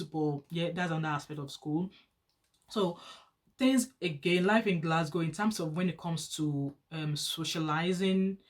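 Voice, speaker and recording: A woman in her thirties from Nigeria with a Nigerian accent, chatting casually to camera as a vlogger, animated and rising higher when excited.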